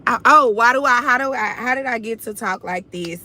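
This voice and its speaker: A woman's voice: fairly high pitch, fairly quick, sharp tone. A young woman with a Houston accent, talking casually and bluntly to viewers on her own livestream. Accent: Southern US, Houston. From Houston, Texas. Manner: confident, blunt, addresses viewers as y'all. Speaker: livestream host.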